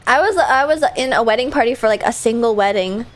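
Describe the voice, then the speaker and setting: A woman's voice: fairly high pitch, quick pace, slight background noise. A young woman streaming a video game, chatting casually in a bubbly, giggly way. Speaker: VTuber streamer. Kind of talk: casual gameplay commentary.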